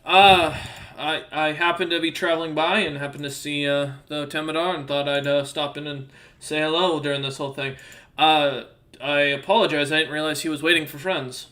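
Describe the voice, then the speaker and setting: A man's voice: on the high side, fairly even intonation, moderate pace, bright, forceful tone. A man voicing an affable older male drow merchant and former soldier, talking in a hesitant, chatty way with many fillers. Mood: friendly.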